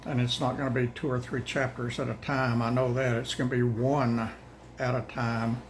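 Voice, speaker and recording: Older man, folksy host, short of breath, halting and plain-spoken, average pitch. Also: little pitch movement, a little hiss or hum, rough recording. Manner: rambling, halting, restarts often. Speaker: host of daily Bible readings. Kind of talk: casual chat to viewers.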